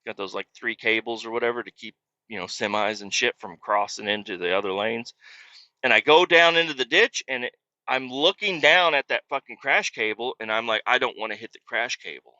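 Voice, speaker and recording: A man's voice: mid-range voice, a little fast, pushed and bright, no echo, dull audio. A man hosting a podcast, telling a story in a casual, profane, rambling way and poking fun at himself. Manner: profane, rambling, self-mocking. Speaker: podcast host.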